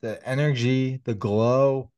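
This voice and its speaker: A man's voice: mid-range voice, steady tone, slow pace, darkish tone, no echo. A man hosting an interview, asking reflective questions with frequent fillers. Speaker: podcast host.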